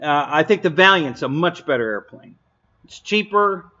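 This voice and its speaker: Guy hosting a live stream, blunt and opinionated, laughs a lot, sharp bright voice, kinda dull lo-fi audio. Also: on the high side, expressive, moderate pace. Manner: blunt, opinionated, laughs often, answers chat. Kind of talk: casual live-stream chat.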